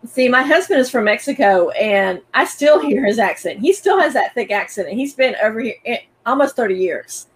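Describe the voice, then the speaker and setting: A woman's voice: on the high side, expressive, moderate pace, hardly any pauses, breathy edge, low-quality recording. A woman from North Carolina, hosting a podcast interview in a conversational questioning style. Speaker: podcast host.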